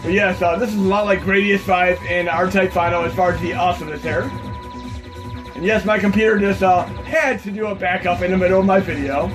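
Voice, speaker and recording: Guy with a high voice rambling about games at his home pc, loud game music going behind him. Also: fairly even intonation, fairly quick. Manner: enthusiastic, rambling, frequent "uh" fillers. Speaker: retro gaming video host. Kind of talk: casual gameplay commentary. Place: home computer setup.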